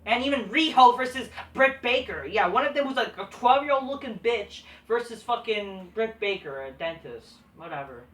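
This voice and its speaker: A woman's voice: a little high, lively intonation, moderate pace, hardly any pauses, a bit bright. A woman reviewing wrestling shows in a profane, scornful, dismissive casual rant. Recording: echoey room, distant mic.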